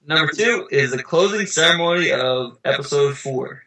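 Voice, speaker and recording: A laid-back man reading out a countdown on a casual podcast, pausing often with fillers. His voice is gravelly, and the room around him rings with echo. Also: on the high side, expressive, sharp tone. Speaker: podcast co-host.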